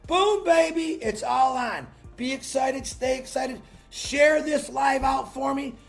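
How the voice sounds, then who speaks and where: A man hosting a solo livestream, giving an excited, salesy pep talk with shouted bursts and greeting viewers from the chat by name, speaking into a laptop mic. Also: extremely high pitch, takes it slowly, vocal fry, faint music behind. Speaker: livestream host.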